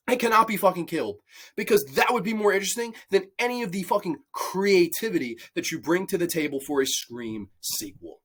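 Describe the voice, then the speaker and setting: A man's voice: high voice, expressive, brisk, a bit bright, slightly rough. Sweary exasperated man ranting. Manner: angry, sweary, repetitive, exasperated. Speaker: horror movie reviewer. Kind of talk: profane movie rant.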